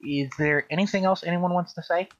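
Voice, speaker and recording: A man hosting a casual chat, animated and quick to swear and laugh. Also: high voice. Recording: dull lo-fi recording.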